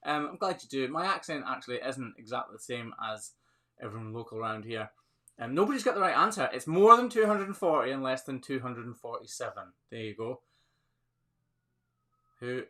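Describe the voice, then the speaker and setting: With a mid-range voice and a sharp tone, a Scottish man who trims hooves chats cheerfully through a casual live phone Q&A, often laughing over viewer comments.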